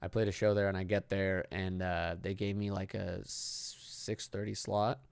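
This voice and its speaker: Male host, blunt and to the point, smooth tone, dry close sound. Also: deep voice, little pitch movement, normal speed, no echo. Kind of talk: casual chat.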